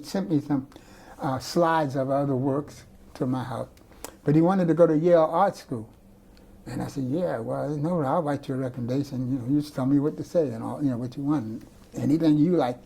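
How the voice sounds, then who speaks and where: Older guy artist rambling thru stories in an interview, warm husky voice, lots of restarts. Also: medium pitch, fairly quick. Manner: rambling, digressive storyteller with restarts. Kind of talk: recorded oral-history interview.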